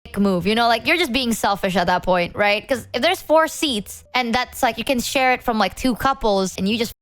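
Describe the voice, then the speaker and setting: A woman's voice: a little high, lively intonation, moderate pace, a bit bright. A young woman streamer ranting animatedly in casual chat, exaggerating for effect.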